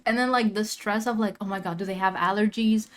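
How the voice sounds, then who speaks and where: A young woman streamer in a casual reaction rant, full of slang and filler words, swinging from low mutters to near-shouting. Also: fairly even intonation, a little fast.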